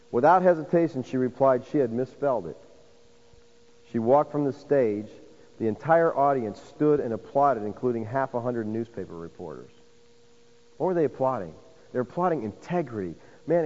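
A pastor preaches a sermon in a mid-range, slightly mellow male voice, addressing his listeners as "folks" and building toward emphatic points. The recording sounds dull, with a long hall reverb.

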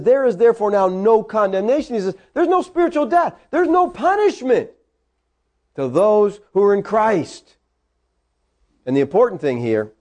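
A man preaching a sermon, teaching from the Bible with emphatic, animated delivery. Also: high voice.

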